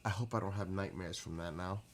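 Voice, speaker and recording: A man hosting a casual livestream from his backyard at night, excitable, exclaiming and laughing often as he reads the chat. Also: low voice, brisk, slight background noise. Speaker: livestream host.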